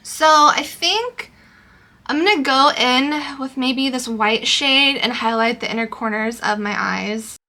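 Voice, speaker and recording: A young woman talks her way through a makeup routine in a relaxed, rambling way, full of little fillers. Her voice sits a bit high and sounds bright and forward. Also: unhurried. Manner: chatty, loose, many fillers like "um" and "like". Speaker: beauty vlogger. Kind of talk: casual makeup tutorial chat.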